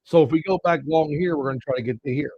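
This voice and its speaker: A man's voice: fairly high pitch, fast talker, no echo, muffled recording. A man hosting a live trading show, casually talking viewers through chart levels. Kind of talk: live market commentary.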